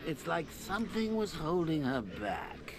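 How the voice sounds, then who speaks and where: An actor playing a sneering male clown villain who gloats slowly and theatrically. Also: on the high side, very animated, noisy background. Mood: gloating. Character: sneering dead male clown villain haunting a hero's mind.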